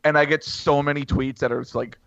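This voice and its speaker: A man on a casual podcast, talking in a halting way full of ums and uhs. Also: a little high, fairly even intonation, gravelly, fairly bright tone, no room sound. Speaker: podcast regular, basketball blogger. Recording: slightly dull, lo-fi audio.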